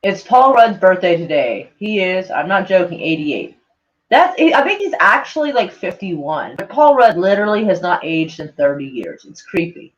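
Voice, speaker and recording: A woman's voice: on the low side, very animated, moderate pace. Rambling casual woman vlogger, lo-fi sound. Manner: rambling, heavy on "like", swears often. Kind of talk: casual reading and reacting to tweets. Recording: dull lo-fi sound.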